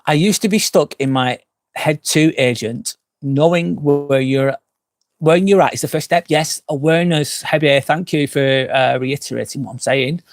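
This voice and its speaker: Outdoors at night by a campsite fire pit, a tipsy man in his forties slurs through a live stream, answering comments frankly and swearing often as he rambles. His voice is on the high side, a little slow, with no echo.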